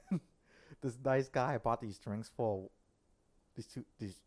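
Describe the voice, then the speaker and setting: A man's voice: medium pitch, slow pace. A male podcast host telling an embarrassing story in casual chat, often laughing as he talks. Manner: laughs often through his story, animated.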